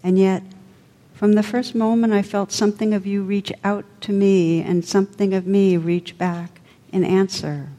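An earnest, devoted young knight speaks with feeling, as a woman reading a storybook puts him on. The tone is dark and mellow, and the voice rings in a long hall reverb. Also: mid-range voice, steady tone, normal speed, close to an everyday voice. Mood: overjoyed.

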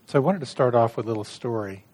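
A middle-aged man giving a dharma talk as a meditation teacher, calm and gentle, telling stories with light humor. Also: medium pitch, fast talker.

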